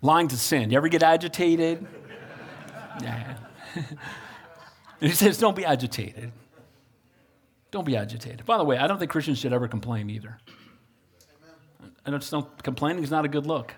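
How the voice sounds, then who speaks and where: A man preaching a sermon as pastor, animated and calling on the congregation for amens. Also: on the high side, moderate pace, long pauses, slightly rough.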